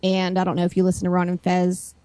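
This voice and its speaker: A woman's voice: on the low side, monotone, quick pace, warm tone, dry recording. A woman calling in over a video call line, chatting casually and explaining at length. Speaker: caller guest. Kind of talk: casual chat. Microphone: computer call mic.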